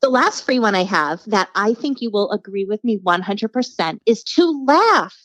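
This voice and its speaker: A woman's voice: mid-range voice, normal speed, dry recording, rough recording. A woman telling stories as a podcast guest in casual chat, acting out the voices of people she quotes. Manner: animated storyteller, acts out quoted voices.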